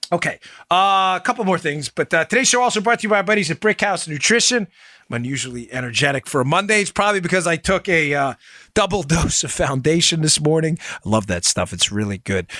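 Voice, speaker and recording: A man hosting a political podcast, talking in a sarcastic, animated way full of mocking asides. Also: sits high, no echo. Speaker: podcast host. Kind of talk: opinionated political commentary.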